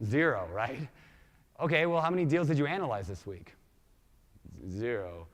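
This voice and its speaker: A man with an accent mixing Minnesota, Washington and Hawaii gives an energetic keynote talk, quizzing the audience with questions. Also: medium pitch, normal speed. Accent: mixed Minnesota, Washington and Hawaii. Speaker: conference speaker. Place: large conference hall. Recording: reverberant conference hall.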